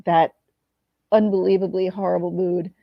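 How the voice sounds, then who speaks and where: A woman's voice: lowish voice, flat delivery, moderate pace, vocal fry, no echo, highs cut off. A woman in her forties talking candidly to camera, teary at times and swearing freely. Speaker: vlogger. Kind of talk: emotional confessional talk to camera.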